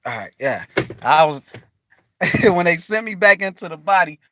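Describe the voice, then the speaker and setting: A man's voice: high voice, moderate pace. A man speaking casually to viewers in a rambling, profane monologue, full of restarts. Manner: rambling, profane, animated storytelling with frequent restarts. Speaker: spiritual vlogger.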